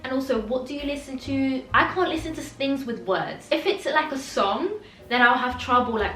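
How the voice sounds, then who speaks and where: A woman's voice: fairly high pitch, recorded from a distance, slight background noise. A young woman vlogging casually at home about a book she is reading, talking in chatty, exasperated rants. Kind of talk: casual vlog chat. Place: living room at home. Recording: roomy echo, a little off-mic, soft music behind.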